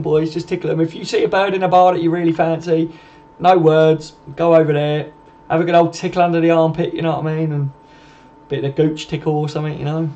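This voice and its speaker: Man, laddish live-stream host, chatty banter, mellow tone, slightly high voice, muffled lo-fi sound. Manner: laddish, chatty, swears, laughs often, reads out comments. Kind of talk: casual live-stream chat. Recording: dull lo-fi stream audio.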